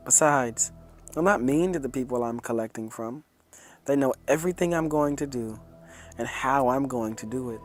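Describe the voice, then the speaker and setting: A man narrating a horror story in a calm, measured reading. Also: mid-range voice.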